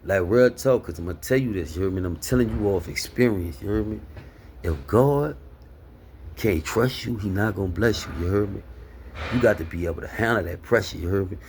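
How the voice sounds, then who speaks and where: A man's voice: lowish voice, a little fast, a little mellow, a little hiss or hum. A man giving a casual spoken sermon of life advice, earnest and full of street slang, constantly asking "you hear me?".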